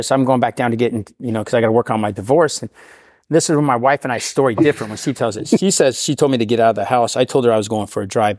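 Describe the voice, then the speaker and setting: A middle-aged man from the Portland area telling his recovery story in a casual, animated way, acting out the voices of the people in it. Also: medium pitch, no echo, studio quality. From Portland, Oregon area. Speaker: guest sharing recovery story.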